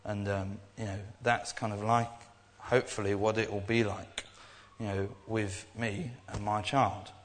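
A man's voice: lowish voice, flat delivery, measured pace, hardly any pauses, a little hiss or hum. A young man giving an informal sermon, talking in a rambling, earnest way with many restarts. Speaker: preacher. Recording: echoey hall.

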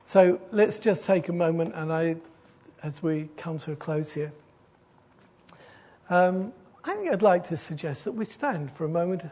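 A middle-aged man, a pastor preaching an earnest sermon that softens into a quiet, gentle invitation. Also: sits high, expressive, measured pace.

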